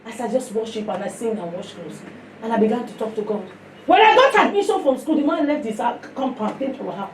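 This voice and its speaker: A woman with a Nigerian accent preaching a sermon to a fellowship, passionate and emphatic, swinging between loud and hushed. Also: on the high side, lively intonation, fairly quick, roomy sound, far from the mic, slight background noise.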